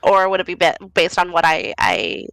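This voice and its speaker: A woman's voice: on the low side, big pitch swings, normal speed, vocal fry, a bit bright, smooth, no room sound, low-quality recording. A woman playing a tabletop game who describes her character's actions in a hesitant, thoughtful way, with faint music behind. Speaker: player. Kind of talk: tabletop roleplay narration.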